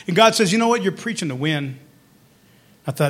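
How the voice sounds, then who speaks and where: A man preaching as pastor, telling his story quietly, then building to loud, fervent calls. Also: on the high side, animated, fast. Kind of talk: sermon.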